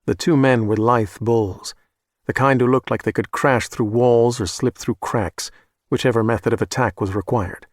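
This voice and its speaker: A man reading a suspense audiobook at a measured, steady pace, with a mid-pitched voice. The studio recording is close and dry, with no room sound. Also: dry recording. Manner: measured, even storytelling. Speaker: audiobook narrator. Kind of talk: scripted audiobook narration.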